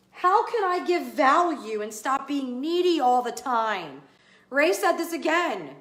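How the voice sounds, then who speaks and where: A woman's voice: high-pitched, sing-song, measured pace, a bit bright. A woman podcast host and business coach giving a motivational talk, emphatic and fired up, cursing casually as she urges listeners on. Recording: roomy, echoey room.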